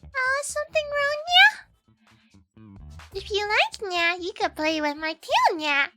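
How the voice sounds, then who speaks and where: A woman voicing a cloying, high-pitched cat girl who teases and ends her lines with nya, over faint background music. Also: sing-song, slow pace, bright, forceful tone, exaggerated voice. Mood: sugary.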